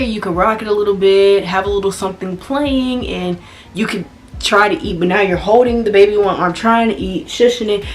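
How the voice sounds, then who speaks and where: A woman's voice: medium pitch, slight background noise. A young woman who works as a restaurant host, ranting casually and emphatically in a vlog. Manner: emphatic, exasperated storytelling.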